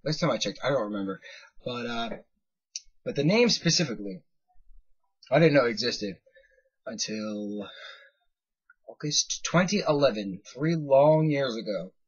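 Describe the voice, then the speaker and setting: A young American man in his twenties tells a loose, wandering anecdote in a slightly husky voice. He keeps interrupting himself, working things out aloud and jumping into quoted voices. The recording is dull and lo-fi. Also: medium pitch, expressive, measured pace, pauses often. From United States. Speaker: vlogger. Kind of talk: casual storytelling.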